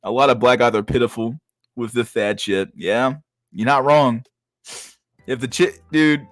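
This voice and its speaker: A man with a mid-range voice and measured pace, recorded with no room sound, reacts to chat messages on his casual livestream. He's blunt and profane, frequently stumbling, repeating words, and restarting.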